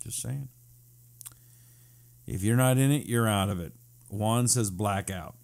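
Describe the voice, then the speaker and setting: A man's voice: lowish voice, measured pace, vocal fry, darkish tone. A man hosting a casual live-stream talk show, sarcastic and wisecracking, reading out viewer comments.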